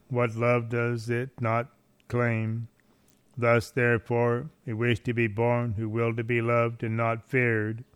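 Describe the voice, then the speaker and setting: Male devotional reader: unhurried, flat melody, clear resonant tone, solemn. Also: medium pitch. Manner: measured, solemn delivery with archaic phrasing. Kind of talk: slow devotional reading aloud.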